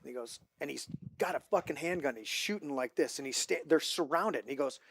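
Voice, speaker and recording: Excitable, swearing male podcast host. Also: fairly high pitch, a little fast, vocal fry, husky, no echo. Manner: excitable, profane, rambling with restarts. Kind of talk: casual movie chat.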